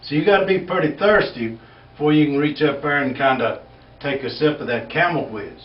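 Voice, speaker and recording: A man's voice: on the high side, fairly quick. A man from Texas with a West Texas accent, telling folksy jokes in a rambling, drawling way and chuckling as he goes. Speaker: comedian. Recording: echoey, distant, dull lo-fi recording with faint hiss.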